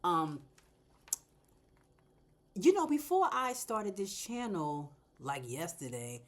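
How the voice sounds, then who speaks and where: A woman's voice: mid-range voice, measured pace. A woman hosting a casual plant vlog at home, chatting away while she repots, laughing and talking straight to her viewers. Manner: animated and talkative, laughs and addresses viewers directly. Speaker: plant vlogger, channel host.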